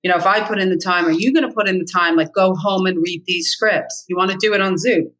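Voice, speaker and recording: Blunt, bright-voiced middle-aged woman. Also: on the low side, quick pace, poor audio. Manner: blunt, emphatic, repeats key points. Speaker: real estate agent, guest. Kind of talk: candid interview talk.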